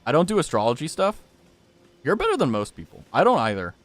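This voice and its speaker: Jokey streamer man with a lively pitch. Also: fast, no room sound. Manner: jokey, rambling, reacts aloud to the game. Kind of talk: casual gaming stream chat.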